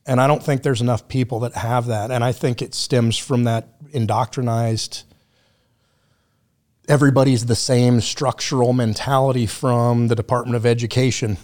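A man speaking as a podcast guest in loose, casual conversation. He tells his stories bluntly, with plenty of swearing, at an ordinary middle pitch. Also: fairly even intonation, moderate pace, darkish tone. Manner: blunt, profane storyteller.

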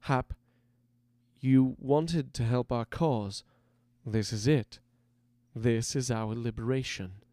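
A sly, menacing rebel mage leader who lingers over each word, as a man puts him on in a story reading. His voice stays smooth and clean, recorded close and dry. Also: medium pitch, slow, mellow, no room sound, close to an everyday voice. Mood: soothing. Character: cruel charismatic male rebel mage leader.

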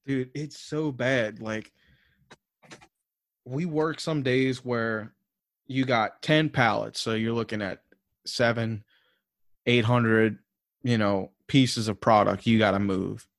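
A man's voice: medium pitch, steady tone, slow, pauses often, no echo, clean studio sound. Profane rambling Southern-accented man. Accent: American Southern. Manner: rambling, profane, filler-heavy storytelling with frequent laughs. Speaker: podcast host. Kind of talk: casual podcast chat.

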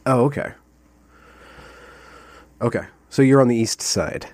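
A man's voice: mid-range voice, unhurried, darkish tone, dry recording. A man hosting a casual conversation, talking in a meandering, playful way and thinking aloud. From United States.

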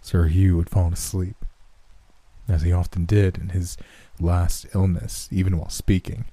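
A male narrator reads a gothic horror tale in a very deep, very dark and mellow voice. His pace is measured and unhurried. The sound is dry and close to the mic. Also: little pitch movement, dry recording.

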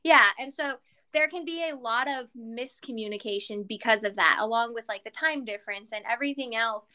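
An animated, giggly woman in casual conversation. Her voice is high and bright. She plays out the quotes with lively energy. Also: brisk. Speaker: podcast co-host. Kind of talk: casual chat.

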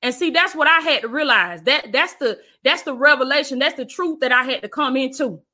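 A woman's voice: high-pitched, a little fast, pushed and bright. A woman preacher giving an emphatic, repetitive livestream sermon, calling her listeners "baby" and thanking viewers between points.

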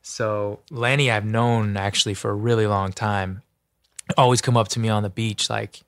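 A man who is an actor, talking as a podcast guest in an earnest, expressive way, his voice jumping up when excited. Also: fairly low pitch, moderate pace, clear, resonant tone, dry recording. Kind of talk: casual interview chat.

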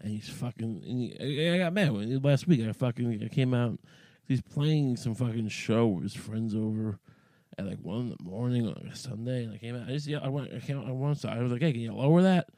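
A man's voice: medium pitch, a little fast, dark tone, dry recording. A man hosting a podcast, talking in a rambling, profane monologue full of restarts and asides. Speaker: podcast host.

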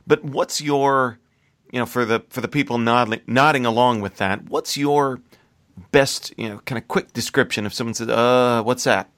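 A man's voice: mid-range voice, normal speed, a bit bright, no room sound, clean studio sound. A male podcast host who asks long, rambling questions full of fillers and jokes. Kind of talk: casual podcast conversation.

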